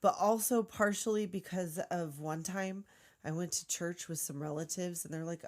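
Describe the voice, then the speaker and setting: A woman co-hosting a casual podcast, talking through an old film scene by scene. She swears freely and jumps into the characters' lines with animated energy. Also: fairly low pitch, normal speed. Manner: animated, swears a lot, acts out quotes. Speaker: podcast co-host. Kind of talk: casual film recap chat.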